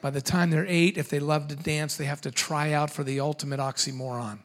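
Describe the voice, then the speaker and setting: A middle-aged man giving a humorous seminar talk to parents, animated and quick with joking asides. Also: fairly high pitch.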